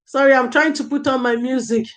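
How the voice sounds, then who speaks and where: A woman's voice: high voice, steady tone, brisk, rough recording. A woman hosting a casual parenting livestream, reading out viewer comments, thanking viewers by name and giving earnest advice with repeated phrases. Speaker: livestream host. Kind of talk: casual livestream talk on early years parenting.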